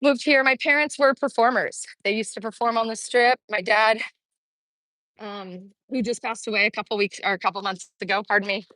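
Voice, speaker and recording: Breathless woman host with a higher voice, chatty and upbeat, talking into a phone on a walk outdoors. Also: steady tone, normal speed, pushed and bright, dry recording. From Kansas City, Missouri. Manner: chatty, upbeat, answers viewer comments while walking. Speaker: Las Vegas real estate vlogger. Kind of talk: live-streamed walking vlog. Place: outdoor street, in summer heat. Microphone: phone held while walking.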